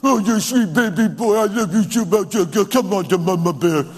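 A man's voice: high-pitched, normal speed, a little mellow, slightly rough. A man mimicking a cooing baby-talk mama. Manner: cooing, sing-song, exaggerated.

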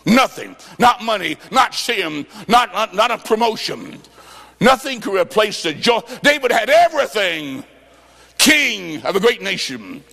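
High-voiced animated preacher in a hall. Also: male voice, unhurried, vocal fry. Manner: animated, with sudden shouts and sing-song phrasing. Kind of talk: sermon with storytelling. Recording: long reverb of a large hall.

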